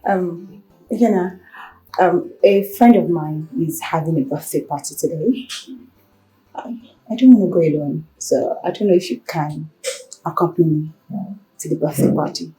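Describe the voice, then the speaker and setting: A woman's voice: on the low side, moderate pace, dark tone, soft background music, natural voice, poor audio. An actress with a Nigerian accent playing a shy young woman who hesitantly asks a man to a party, in a film scene. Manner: hesitant, with many ums. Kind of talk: Nollywood film acting.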